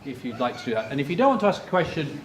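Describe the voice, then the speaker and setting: In a lecture theatre, a middle-aged chemistry professor gives a playful public science lecture, joking directly with the children in his audience. His mid-range voice races along with big pitch swings. A fixed camera captures him from far off in an echoey hall, with slight background noise.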